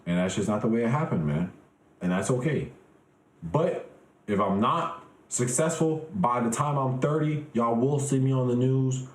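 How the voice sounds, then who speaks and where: A man in his twenties chatting casually and profanely with his livestream viewers, joking in an animated way that drops to low mutters. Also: moderate pace, roomy sound, poor audio. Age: 20s. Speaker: live streamer.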